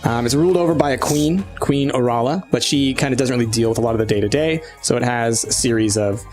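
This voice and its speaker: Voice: medium pitch, quick pace, a little mellow. A game master narrates a tabletop role-playing session in a casual way. The narration is dotted with "um"s. Light music plays faintly underneath. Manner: casual, many "um"s between details.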